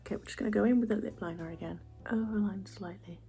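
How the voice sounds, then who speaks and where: A young woman chatting casually through a makeup routine, soft and often half-whispered, chatty and self-mocking. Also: mid-range voice, quick pace, faint music behind. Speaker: beauty vlogger.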